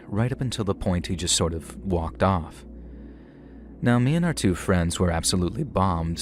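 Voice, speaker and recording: A man with a very low, deep voice narrates a horror story in a measured, wry way. Soft music plays faintly beneath his voice.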